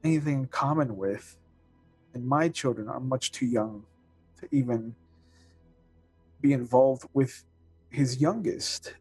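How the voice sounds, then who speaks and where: A man voicing a tired noblewoman, a lord's sister with children of her own, in a slow, hesitant way. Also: medium pitch, a little mellow, breathy edge, soft background music. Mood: weary, fond.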